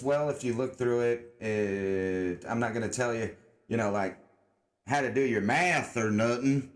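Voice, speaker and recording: A man's voice: medium pitch, measured pace. A young man hosting a casual livestream, rambling and sarcastic, cursing freely and putting on a joking mock-redneck drawl. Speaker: livestream host.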